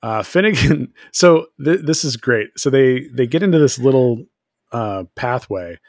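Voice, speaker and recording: A man co-hosting a podcast, casually recapping a TV episode, laughing often and acting out characters in quick voices. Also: medium pitch, lively intonation, no room sound, studio quality. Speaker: podcast co-host.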